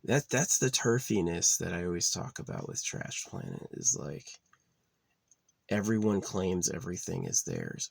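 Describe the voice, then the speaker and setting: A deep-voiced man, gravelly and husky, swings hugely in pitch as he rambles unhurriedly and profanely in a casual monologue. It was recorded outdoors at his camp spot with no echo, and he sometimes drops to a near-whisper.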